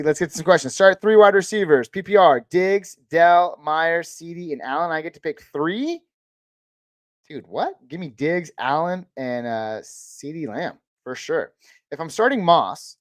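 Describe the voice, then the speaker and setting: A man hosting a live-stream Q&A, answering viewer questions in a relaxed, chatty way and calling people dude and man. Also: fairly high pitch, no echo. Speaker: host of a live fantasy football Q&A stream.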